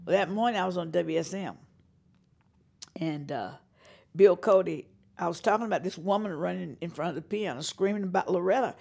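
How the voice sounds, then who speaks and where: A woman's voice: lowish voice, brisk, vocal fry, husky. An older woman from North Carolina, a singer-songwriter telling stories in an interview and acting out the voices of the people in them. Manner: animated storyteller, acts out quoted voices, laughs often. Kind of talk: storytelling interview.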